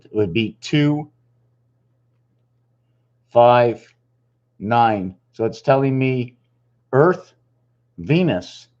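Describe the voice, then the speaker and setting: A man hosting his own channel, musing in a halting way, counting and spelling things aloud while drawing, a little out of breath. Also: mid-range voice, darkish tone. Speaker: channel host. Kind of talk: rambling numerology talk while drawing. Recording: slightly dull lo-fi recording.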